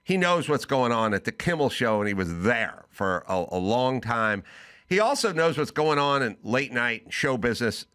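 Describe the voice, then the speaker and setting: A man's voice: mid-range voice, normal speed, smooth. A middle-aged man hosting a talk show, telling a casual story and acting out both sides of a phone call. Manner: animated, voices both sides of a phone call in quoted bits. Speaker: podcast host.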